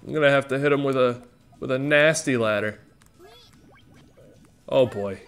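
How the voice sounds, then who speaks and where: A man's voice: mid-range voice, normal speed, long pauses, fairly bright tone, clear, resonant tone. A man giving rambling, joking commentary as he plays a video game stream. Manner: rambling, self-joking, exclamatory. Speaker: gaming streamer. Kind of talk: casual gameplay commentary.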